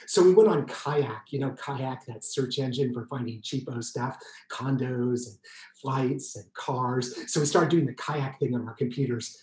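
A man telling a comic solo story, exuberant and pulling the audience in, with sudden high yelps. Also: unhurried, darkish tone, roomy sound, rough recording. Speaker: solo performer.

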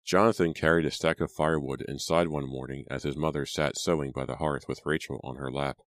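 A man narrating a horror audiobook in a measured storytelling manner. His voice is extremely deep, and the recording is dry and close with no room sound. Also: fairly even intonation, no echo. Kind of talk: scripted narration.

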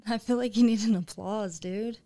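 A woman's voice: medium pitch, steady tone, moderate pace, over a noisy crowd. A woman co-hosting a podcast, chatting casually in a laid-back, dry way. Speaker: podcast co-host. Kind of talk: casual chat.

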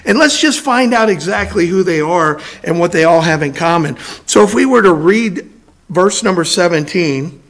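Hoarse raspy man preaching a sermon. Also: high-pitched, expressive, normal speed, fairly bright tone. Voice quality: raspy, scratchy. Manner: folksy, self-deprecating asides, occasional throat clearing. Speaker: assistant pastor. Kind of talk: evening sermon with scripture reading and prayer. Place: church sanctuary.

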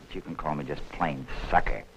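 An actor playing a shifty, leering landlord in a 1940s film, talking slangy and hesitant with little chuckles. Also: male voice, extremely low pitch, fairly even intonation, a little fast, a bit bright. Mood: sly. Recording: dull old film soundtrack, faint hiss.

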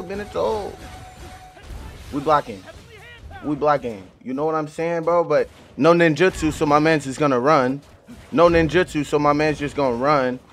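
A man commentating live gameplay on his channel, full of slangy trash talk, swinging from low mutters to excited yelling. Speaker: gaming channel host.

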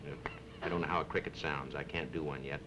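A man's voice: steady tone, fast. A man who is a comedian at a press interview, wry and teasing as he tells a joking anecdote. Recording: noisy 1960s archive recording with rumble.

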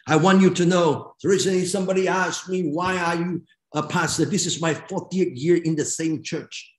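An older man, preaching as a pastor and reading scripture with emphatic, slow, dramatic phrasing. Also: a little high, fairly even intonation. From Malaysia. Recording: echoey church hall.

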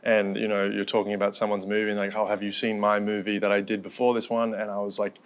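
A man's voice: fairly low pitch, completely flat delivery. A man chatting casually, rambling with restarts. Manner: rambling, halting. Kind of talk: casual chat.

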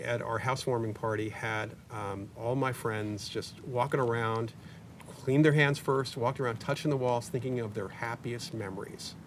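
A man in his sixties, a paranormal investigator guest in an interview, talking in a chatty, anecdotal way with joking asides. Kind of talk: interview conversation. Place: community media studio. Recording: distant mic with faint rumble.

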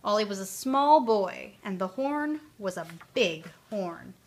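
A woman storyteller reading a children's story aloud in a gentle, expressive way. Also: medium pitch, slow.

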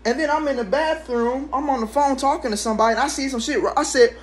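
A young man in his twenties with a high-pitched voice rants through a casual storytime at home. He swears constantly and tells his story in an animated way, leaping into sharp, high exclamations. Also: fast talker. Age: 20s. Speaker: vlogger.

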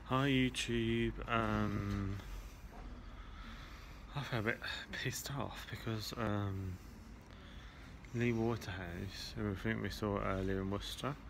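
A man's voice: fairly low pitch, fairly even intonation, slow, gravelly, long pauses. A man with an English accent venting casually to camera at a railway station, aggrieved and repetitive as he tells a story. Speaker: vlogger. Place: outdoor railway station platform. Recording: noisy station ambience.

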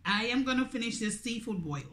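A woman's voice: a little high, expressive, brisk, a bit bright. A woman with a Grenadian accent, a food vlogger chatting casually between bites. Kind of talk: casual eating vlog chat.

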